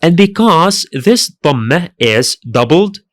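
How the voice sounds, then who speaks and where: Slow, lively male language teacher. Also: a little high, no room sound, studio quality. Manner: slow, careful, repeats each sound twice. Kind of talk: scripted lesson narration.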